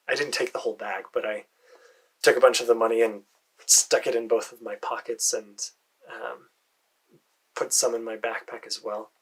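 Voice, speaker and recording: An American man narrates his own fantasy adventure in the first person, his voice husky and breathy. He talks in a hesitant way, with fillers and soft muttered asides. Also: mid-range voice, low-quality recording. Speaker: storyteller.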